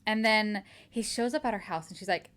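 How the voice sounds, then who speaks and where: A woman's voice: medium pitch, fairly quick. A woman co-hosting a podcast, casually retelling a novel's plot with lots of "like" and acted-out dialogue. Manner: animated storyteller, acts out dialogue, frequent "like". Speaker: podcast co-host. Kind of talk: casual book recap chat.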